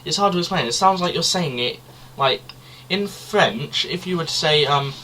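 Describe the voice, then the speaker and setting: A man's voice: on the high side, lively intonation, moderate pace, bright, forceful tone, a little hiss or hum. A young man co-hosting a casual podcast, rambling and chatty, swearing loosely. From Britain. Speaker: podcast co-host. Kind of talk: casual chat.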